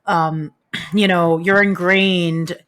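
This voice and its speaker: A young adult woman, a guest on a podcast, chatting casually and swearing freely in quick bursts. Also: fairly low pitch, fairly even intonation, fairly bright tone.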